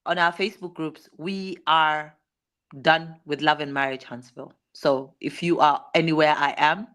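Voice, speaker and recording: A woman guest in a casual group call who moderates online groups. Her voice is somewhat low. She asks quick, curious questions and turns calm when she reflects.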